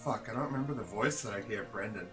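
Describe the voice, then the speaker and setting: A man's voice: fairly low pitch, quick pace, over music, rough recording. A young man casually commenting on his own game playthrough, self-mocking and swearing. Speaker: gaming host.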